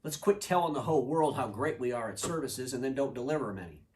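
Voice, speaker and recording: A man talks quickly at a middling pitch, hosting his own fireside chat show. He tells stories with lively acted-out voices for the people in them, and he sits a little back from the microphone. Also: far from the mic, slight background noise. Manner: animated storytelling, acting out characters in quick voices. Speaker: show host. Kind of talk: fireside video commentary. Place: indoors by a fireplace.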